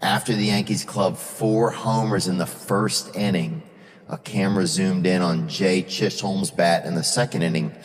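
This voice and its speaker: A man's voice: sits low, fairly even intonation, moderate pace, big-room sound. A man hosting a podcast, telling a rambling story in casual chat and swearing freely. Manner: rambling, drawling storyteller who swears a lot. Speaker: podcast host.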